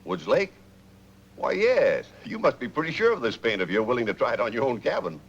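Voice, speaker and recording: An actor playing a cautious, officious school board man who talks in a measured way, in 1940s film acting. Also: mid-range voice, big pitch swings, slightly rough. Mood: surprised. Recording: muffled old film sound.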